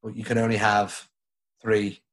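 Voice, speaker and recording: A man's voice: lowish voice, monotone, unhurried, a bit bright. A young man with a Stoke-on-Trent accent, a radio presenter chatting casually in a jokey, rambling way. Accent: Stoke-on-Trent English. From Stoke-on-Trent area, England. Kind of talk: casual chat.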